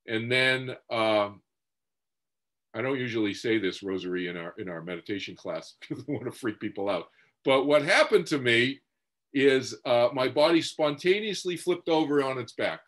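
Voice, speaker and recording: A man giving a talk as a meditation teacher, telling a personal story in a conversational way, full of "you know" asides and restarts. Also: medium pitch. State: moved to tears at points. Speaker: speaker on past-life memories and meditation teacher.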